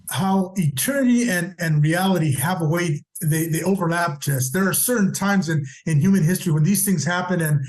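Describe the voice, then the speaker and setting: A man's voice: fairly high pitch, a little mellow, roomy sound. A man co-hosting a Catholic radio show, speaking earnestly and reflectively, often repeating words. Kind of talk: casual conversation on Catholic radio.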